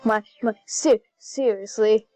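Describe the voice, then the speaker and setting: A woman chatting casually while playing a video game, excitable and easily flustered. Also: medium pitch, slow, dry recording. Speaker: gaming channel host. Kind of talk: casual gameplay commentary. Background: faint game music.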